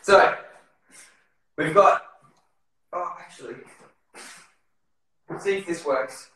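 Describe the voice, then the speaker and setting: A man's voice: fairly high pitch, slow pace, sharp tone, slight background noise. A man teaching a dance routine over a video call, counting beats and scatting the steps. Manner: counts steps aloud with sung syllables. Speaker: dance instructor. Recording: very echoey room.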